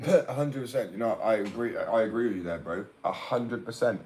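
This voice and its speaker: A man's voice: fairly low pitch, brisk, a little mellow, low-quality recording. A young man with an English accent, talking in a brash, rambling casual rant and swearing freely. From England.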